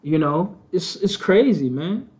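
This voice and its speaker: A man's voice: sits high, expressive, unhurried, darkish tone. Preachy man on a lo-fi stream. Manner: preachy, repetitive, addresses viewers as family. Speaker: channel host. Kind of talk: casual live-stream commentary.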